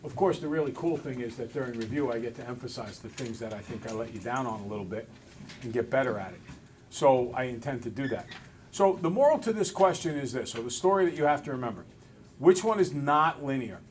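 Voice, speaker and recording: A male math teacher in a classroom, relaxed and a little self-deprecating, talking through each step aloud. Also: mid-range voice, a little fast, a little hiss or hum. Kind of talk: classroom lesson. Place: school classroom with students.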